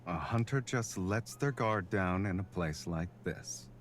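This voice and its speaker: A grumpy, aloof young game love interest with a very deep, low voice. He speaks slowly and tersely, in a dry, unbothered way. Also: animated, faint music behind. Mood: wry. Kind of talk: game voice acting.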